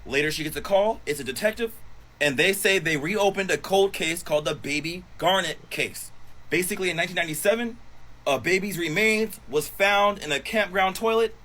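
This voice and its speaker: A man casually retelling a story, animated and acting out the quotes with cursing. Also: high-pitched, brisk, poor audio. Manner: animated, swears, acts out quotes. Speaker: storyteller on social video.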